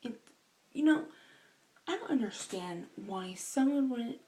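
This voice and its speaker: A young woman talking earnestly to her camera in a vlog, slow and emotional, halting with sighs and restarts. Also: on the high side, animated, mellow, rough recording. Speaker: vlogger.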